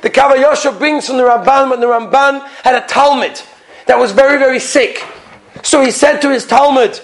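A man giving a storytelling sermon, animated, who drops to quiet whispers for emphasis and asks his listeners rhetorical questions. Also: extremely high pitch, moderate pace. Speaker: rabbi giving a weekly Torah talk.

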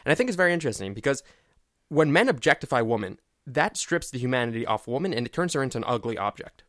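Quick-talking man co-hosting a podcast, dry close mic. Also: medium pitch, big pitch swings, fairly bright tone, no room sound. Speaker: podcast co-host. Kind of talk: casual religious discussion podcast.

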